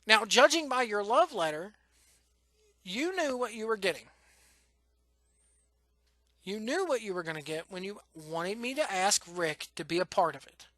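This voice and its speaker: A man's voice: high voice, lively intonation, a little slow, long pauses, pushed and bright, dry recording. A man hosting his podcast, venting frankly and emotionally, cursing and restarting his sentences. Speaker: podcast host. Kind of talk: blunt personal rant.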